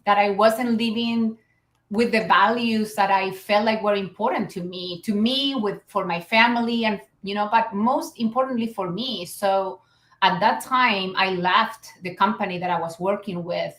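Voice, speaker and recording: A woman's voice: mid-range voice, a bit bright, echoey room. A woman from Chile with a Chilean Spanish accent, a guest speaking earnestly and reflectively, with many fillers. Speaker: guest, business founder. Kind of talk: conversational interview.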